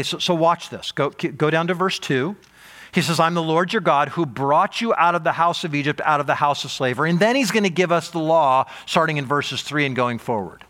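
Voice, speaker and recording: A man preaching with a lively, animated delivery, his voice sitting a little higher than most men's. He speaks emphatically and often repeats words to drive a point home. The pitch swings widely from phrase to phrase. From United States. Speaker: pastor. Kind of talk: sermon.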